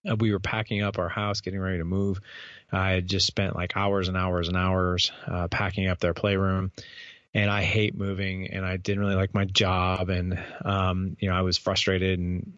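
A man's voice: low voice, little pitch movement, moderate pace, a bit bright, no echo. A man in his thirties, a podcast host, telling a candid personal story in an interview, earnest and repeating words as he goes. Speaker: podcast host and guest speaker. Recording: dull, lo-fi sound.

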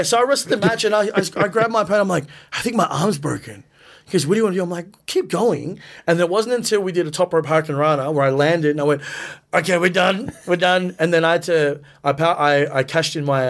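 Animated man telling stories. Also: fairly high pitch. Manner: animated, acts out quoted lines in a raised voice. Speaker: professional wrestler guest. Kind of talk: casual storytelling in a podcast interview.

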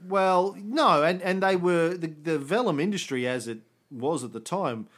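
A man hosting a casual history podcast, explaining events with quick jokes and the odd swear word. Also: fairly high pitch, fairly bright tone. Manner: jokey, swears, quick asides. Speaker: podcast host.

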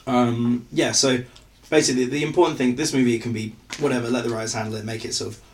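A man's voice: medium pitch, steady tone, quick pace. A man co-hosting a comedy podcast in casual chat, explaining plot points at length with restarts and laughs. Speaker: podcast co-host.

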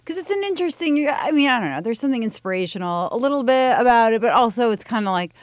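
A woman comedian as a podcast guest, relaxed and agreeable, with wry asides. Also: on the high side, fast talker, no room sound, clean studio sound. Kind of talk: casual chat.

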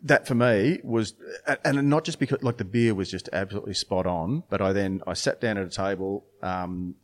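Rambling man, lowish voice. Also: brisk. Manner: rambling storytelling with many restarts and fillers. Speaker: brewer and beer judge. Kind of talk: casual interview chat.

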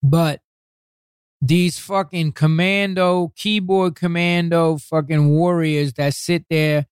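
A man's voice: fairly high pitch, slow, smooth, no echo, studio quality. An older man telling stories as a podcast guest, swearing constantly and acting out what people said. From New York City. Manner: profane, animated, acts out quotes. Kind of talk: casual interview storytelling.

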